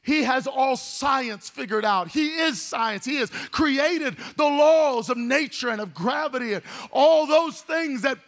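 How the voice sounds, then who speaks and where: Impassioned high-voiced male pastor preaching. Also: measured pace, few pauses. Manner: impassioned preaching, swells into shouts and sing-song cadences. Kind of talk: sermon.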